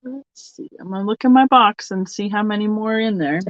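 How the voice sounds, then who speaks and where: A woman's voice: mid-range voice, a little fast, no echo. A woman hosting a live online vintage sale, chatting casually and thinking aloud as she shows items and takes bids. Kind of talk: casual live auction chat. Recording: slightly dull, lo-fi sound.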